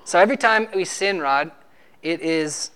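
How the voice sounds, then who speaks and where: A man's voice: a little high, normal speed, bright, forceful tone, clear, resonant tone. A man preaching a sermon, arguing emphatically and teaching with rhetorical questions.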